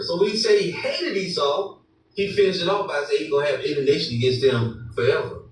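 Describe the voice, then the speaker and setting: Guy preaching hard and mocking people, slow solemn bible reading, kinda far off, super echoey room. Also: a little high. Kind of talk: sermon with scripture reading. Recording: very echoey room, voice far from mic, faint noise.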